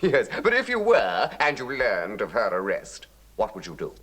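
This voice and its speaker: An actor playing a pompous, self-satisfied army captain who talks in a fussy, overbearing way. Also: male voice, lowish voice, huge pitch swings, normal speed, a bit bright, slightly rough, full character voice. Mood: smug.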